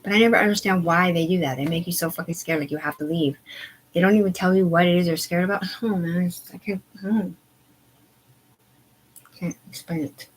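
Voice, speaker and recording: A woman ranting on a live stream, agitated and profane, rambling in disjointed bursts that sink to quiet mumbling. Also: lowish voice, fairly even intonation, brisk, slight background noise, low-quality recording. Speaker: livestreamer. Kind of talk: unscripted live stream rant.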